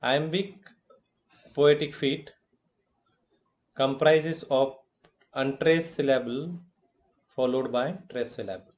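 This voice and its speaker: A man with an Indian English accent lectures in an unhurried, measured way. His pitch sits in a middle range, and he circles back over each term with filler phrases as he explains. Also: fairly even intonation. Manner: slow and deliberate, repeating terms with filler phrases. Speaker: college lecturer. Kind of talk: recorded classroom lecture.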